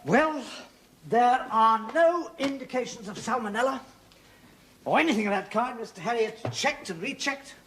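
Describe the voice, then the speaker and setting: An actor playing a brisk, courteous country vet with a dry wit. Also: male voice, extremely high pitch, lively intonation, fairly bright tone, a little hiss or hum. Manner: crisp, courteous, dryly amused. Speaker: veterinary surgeon.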